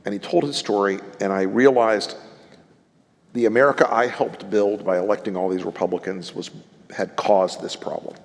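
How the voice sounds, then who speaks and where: Here the same kind of stage storytelling comes in a lowish voice with fairly even intonation at a moderate pace. The political strategist delivers blunt, salty anecdotes to the audience, mimicking those he quotes, with live event hall reverb around him.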